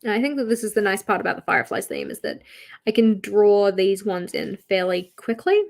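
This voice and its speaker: Speaking a little fast in a gravelly, mid-range voice, an Australian livestream host chats and laughs as she sketches. Along the way she reads comments from her viewers aloud.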